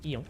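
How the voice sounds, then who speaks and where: A man streaming a game, talking casually to himself with mild minced oaths. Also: darkish tone. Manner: chatty self-talk with mild minced oaths. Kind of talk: casual gameplay commentary.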